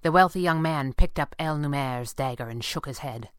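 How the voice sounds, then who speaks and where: A woman narrating an audio drama in a measured storytelling manner. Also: low-pitched, clear, resonant tone, no room sound, studio quality.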